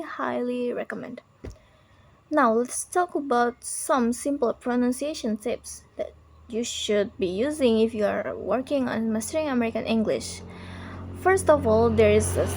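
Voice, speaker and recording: A woman's voice: on the high side, low-quality recording. A woman shadowing a pronunciation lesson, putting strong stress on key words as she explains tips. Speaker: language learner shadowing a teacher.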